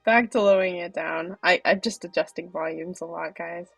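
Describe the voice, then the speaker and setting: Soft-spoken, gravelly woman streamer. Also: lowish voice, moderate pace, faint music behind. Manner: soft-spoken, chatty, self-mocking. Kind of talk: casual livestream chat.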